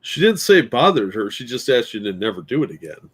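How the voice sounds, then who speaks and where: A man co-hosting a casual stream chat, making dry deadpan quips. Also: medium pitch, fast, breathy edge. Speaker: co-host.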